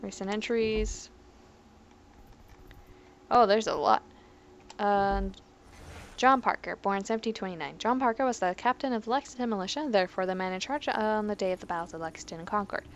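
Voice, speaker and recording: A woman's voice: medium pitch, fairly quick, long pauses. A woman hosting a let's play, reading in-game history entries aloud with joking asides and frequently tripping over her words. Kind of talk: casual gameplay commentary.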